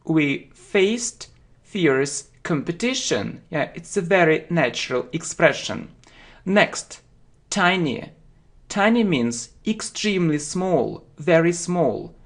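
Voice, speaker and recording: Guy teaching words real slow, keeps saying yeah? and okay, repeats stuff. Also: on the high side, sing-song. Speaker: English teacher. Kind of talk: slow deliberate vocabulary lesson.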